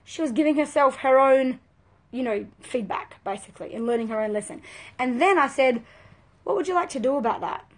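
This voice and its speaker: A woman with a high, bright-sounding voice speaks as a parenting coach to her live viewers. She talks in a conversational, earnest way and leans hard on her key points. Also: lively intonation, fairly quick. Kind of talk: live video talk to viewers.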